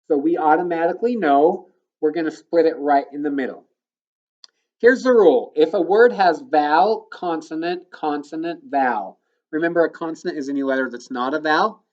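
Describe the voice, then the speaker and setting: A male elementary school teacher with a slightly high voice gives a recorded phonics lesson to children, patiently explaining each step and sounding words out slowly. The recording's highs are cut off.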